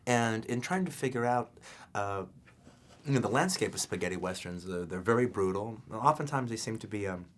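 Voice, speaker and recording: A man's voice: on the low side, animated, a little fast. A filmmaker being interviewed, a man talking loosely with many fillers and restarts. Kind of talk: casual interview answers.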